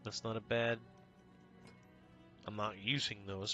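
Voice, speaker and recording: Male streamer, sharp tense bright tone, excitable casual chat, faint game music under him. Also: on the low side, unhurried, pauses often. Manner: talks to chat by name, excitable, swears casually. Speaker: live streamer.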